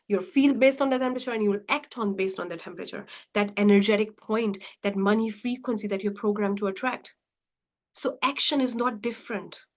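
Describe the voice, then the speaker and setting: Female mindset coach, higher voice, earnest and repetitive, live video-call teaching. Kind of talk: live online coaching session.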